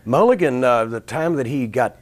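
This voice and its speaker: A man's voice: medium pitch, animated, moderate pace. A man hosting a casual interview, chatty and jumping in with follow-up questions and asides.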